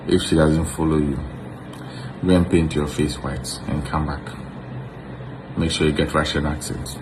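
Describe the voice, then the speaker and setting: A man's voice: a bass voice, steady tone, a little slow, long pauses, background noise. A man with a Ghanaian accent giving casual, mocking commentary to his viewers, sounding incredulous.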